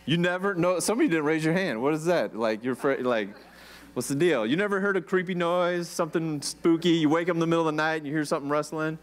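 An American man preaching a sermon as pastor, in a relaxed, conversational way, often asking his congregation questions. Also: on the high side, quick pace. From United States. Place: church.

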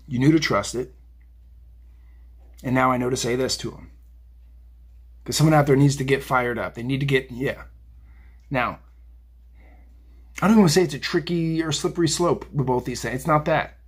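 A man's voice: medium pitch, slightly rough. A man giving a tarot reading on a phone video, blunt and fired up, swearing and rambling. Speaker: tarot reader. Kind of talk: casual profane psychic rant.

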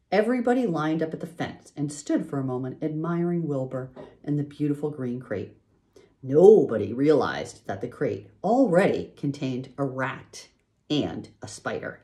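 Expressive woman reader, children's book, lively delivery. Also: a bass voice. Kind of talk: reading a children's book aloud.

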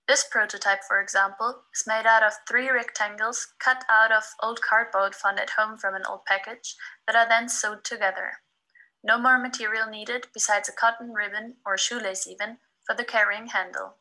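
A woman, a design student, reads a scripted presentation in an even, informative way. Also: mid-range voice, poor audio.

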